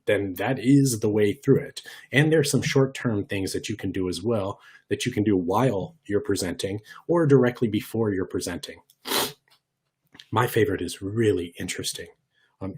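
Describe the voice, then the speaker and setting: Husky man teaching a lively workshop. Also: on the low side. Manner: lively, conversational, demonstrates voice shifts. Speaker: workshop presenter. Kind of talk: online workshop lesson.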